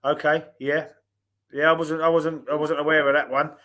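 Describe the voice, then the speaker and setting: A man's voice: on the high side, little pitch movement, moderate pace, a bit bright. A man with a Cockney accent hosting a casual football podcast over a video call, chatty and full of fillers. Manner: chatty, hesitant, drops in fillers. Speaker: podcast host.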